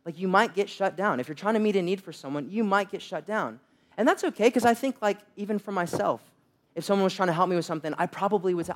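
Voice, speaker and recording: A man's voice: high voice, fast talker. A young man preaching a sermon, telling humorous, self-deprecating stories. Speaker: pastor.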